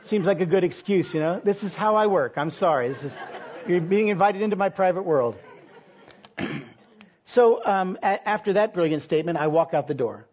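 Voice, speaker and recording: A pastor preaching in a loose, chatty way, filling his story with ums and self-deprecating asides. His voice is husky and a little higher than most men's. The recording sounds dull and lo-fi. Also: animated, moderate pace, a faint crowd. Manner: conversational, self-deprecating storytelling with many fillers. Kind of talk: sermon with personal story.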